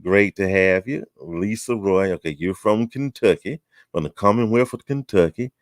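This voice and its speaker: A man's voice: lowish voice, normal speed, dry recording, clean studio sound. A man hosting a chat show, welcoming guests one by one in a folksy, teasing manner. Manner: folksy, teasing, drawling southern talk. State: out of breath. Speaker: host.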